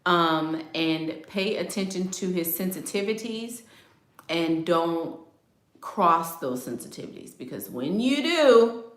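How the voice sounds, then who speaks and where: A woman's voice: lowish voice, expressive, slow pace, reverberant. A middle-aged woman hosting a casual chat, talking emphatically, repeating her points and laughing often. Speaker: astrology video host. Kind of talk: casual live chat reading comments.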